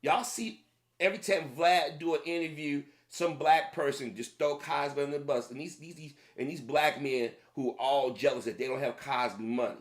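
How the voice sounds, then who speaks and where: A man's voice: fairly high pitch, moderate pace. Man ranting in a heated tone. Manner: heated, repetitive, addressing the audience directly. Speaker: commentator. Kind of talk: opinion rant to camera.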